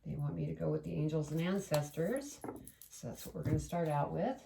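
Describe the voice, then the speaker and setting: A woman's voice: low voice, fairly quick, gravelly, far from the mic, background noise. A woman giving a chatty, meandering tarot reading to camera, speaking aloud to spirit as she pulls cards. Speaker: tarot reader.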